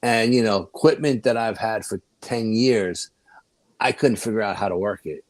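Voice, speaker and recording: Rambling low-voiced man telling stories. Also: moderate pace, no room sound. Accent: New York. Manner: rambling, animated anecdotes with restarts. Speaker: guest. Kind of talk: casual storytelling.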